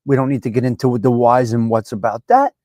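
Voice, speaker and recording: A man's voice: mid-range voice, a little fast, no room sound. A middle-aged man hosting a live stream, chatting casually and preaching to viewers as he reads their comments. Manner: animated, preachy, talks straight to viewers.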